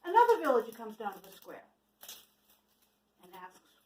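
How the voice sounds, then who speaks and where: A woman's voice: fairly high pitch, normal speed, slight background noise. A woman telling a folk tale casually to a church audience, asking listeners questions while she cooks along. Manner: lively, asks the listeners questions. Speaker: storyteller for a church children's message. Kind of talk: casual storytelling with a cooking demo. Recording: echoey room from a distance.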